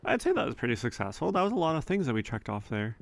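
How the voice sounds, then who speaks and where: A young man giving relaxed, rambling gameplay commentary, thinking aloud with frequent fillers. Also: mid-range voice, fast, gravelly. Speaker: let's play gamer.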